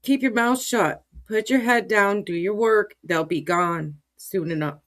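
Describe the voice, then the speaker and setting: A woman's voice: mid-range voice, unhurried. A female livestream co-host giving blunt, no-nonsense opinions. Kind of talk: casual reaction chat.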